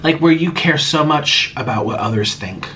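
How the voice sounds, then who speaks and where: A man's voice: on the high side, animated, normal speed, fairly bright tone, a little hiss or hum. A young man hosting a casual vlog Q and A, talking straight to camera with dramatic swings between exasperation and mockery. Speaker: YouTuber hosting a Q and A.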